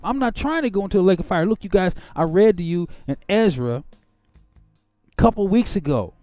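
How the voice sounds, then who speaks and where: Male preacher with a high voice, passionate and emotional, swinging from hushed to heated, dry close sound. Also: dry recording. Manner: emotional, swings from quiet reflection to angry outbursts. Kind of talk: impassioned sermon-like testimony.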